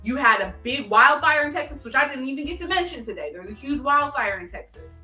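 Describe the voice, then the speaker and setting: Bright-voiced woman, echoey distant mic. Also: high voice, fast. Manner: animated storytelling with many fillers and restarts. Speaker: podcast host. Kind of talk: casual chat, recapping a TV episode. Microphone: video call stream. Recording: echoey room, distant mic, faint music.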